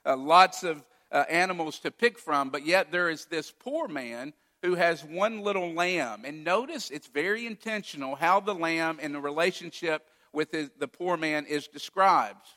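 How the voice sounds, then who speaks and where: A man's voice: fairly high pitch, moderate pace, few pauses, bright, forceful tone. A man preaching a sermon as a pastor, retelling a story and acting out its quoted lines with feeling. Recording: long hall reverb.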